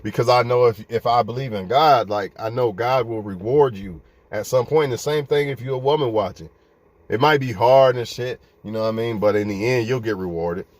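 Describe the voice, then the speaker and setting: A man's voice: mid-range voice, normal speed. A man giving fiery life advice to his viewers in a profane, preachy rant.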